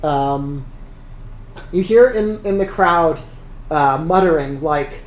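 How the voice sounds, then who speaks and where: Slow, animated game master in echoey room. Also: mid-range voice. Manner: relaxed, hesitant narration with many fillers. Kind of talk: narrating a tabletop game. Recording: echoey room with faint noise.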